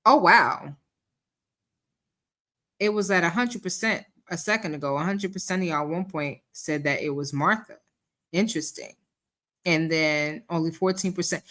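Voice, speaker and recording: A woman's voice: on the low side, normal speed, long pauses, sharp tone. A woman hosting a livestream, chatting casually with her viewers and talking them through call recordings. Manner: chatty, addresses chat as y'all. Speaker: YouTube commentary host. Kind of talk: livestream commentary.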